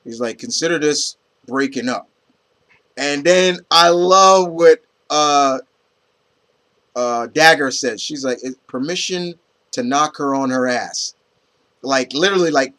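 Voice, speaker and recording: A man's voice: fairly high pitch, a little slow, bright, forceful tone. A young man giving a casual comic book review, rambling with lots of fillers and restarts and casual swearing. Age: young adult.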